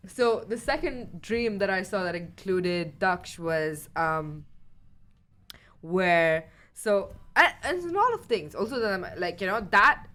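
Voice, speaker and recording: A woman's voice: medium pitch, lively intonation, a little slow, a bit bright. A young woman co-hosting a podcast, telling a long story in casual chat, rambling, swearing and laughing often. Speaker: podcast co-host.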